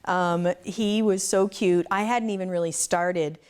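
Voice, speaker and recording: Her voice is on the low side, dark-leaning, smooth and steady, and she takes her time. The middle-aged woman, a goat farmer giving a conference talk, chats casually with a live audience, telling laughing stories sprinkled with remarks about her faith.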